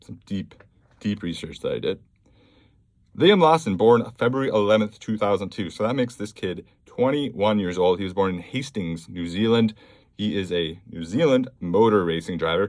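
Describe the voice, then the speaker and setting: A man with a somewhat low voice hosts a casual solo podcast. He talks in a blunt, offhand way, reading news aloud with plenty of fillers. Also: a little mellow, dry recording. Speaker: podcast host.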